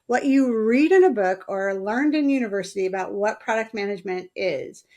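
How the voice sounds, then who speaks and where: Female cohost, mid-pitch, direct and emphatic opinions. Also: normal speed, a little mellow. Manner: frank and emphatic. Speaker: podcast co-host. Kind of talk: casual conversational podcast.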